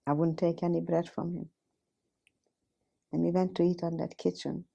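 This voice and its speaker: A Hungarian woman in her fifties, a Holocaust survivor, gives testimony about her life in a plain, direct way, often repeating "I says." Her fairly low, creaky, mellow voice barely changes pitch and moves at a moderate pace, and the sound is lo-fi.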